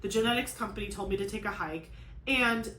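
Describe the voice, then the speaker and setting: A woman's voice: medium pitch, brisk, fairly bright tone. Rambling woman venting in an echoey room. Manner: rambling, lots of "like", frustrated venting. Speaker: crafting channel host. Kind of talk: casual chat while crafting. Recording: echoey room with faint ambience.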